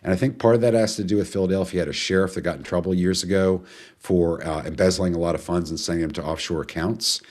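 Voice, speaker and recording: Deep-voiced man hosting a webinar. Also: fairly even intonation, fast talker, a little mellow. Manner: chatty, rambling, greets viewers and answers chat questions. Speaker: webinar host. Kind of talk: casual live webinar talk.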